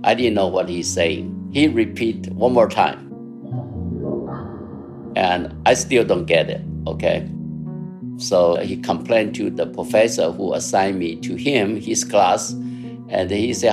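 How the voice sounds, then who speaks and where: A man in his seventies from Taiwan with a Taiwanese accent, recalling his past in an interview with halting, unhurried speech and many fillers. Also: low-pitched. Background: music.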